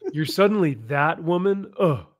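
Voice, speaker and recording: A man's voice: high-pitched, a little slow, muffled recording. Man hosting a casual comics chat. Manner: reads comic dialogue aloud with mocking voices, laughing. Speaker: comic book show host. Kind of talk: casual live-stream chat.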